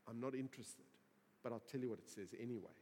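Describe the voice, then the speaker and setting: A man voicing a calm prophet who bluntly delivers a verdict. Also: medium pitch, fast, a little hiss or hum, voice pushed down, lightly acted. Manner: blunt, plain-spoken. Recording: reverberant hall.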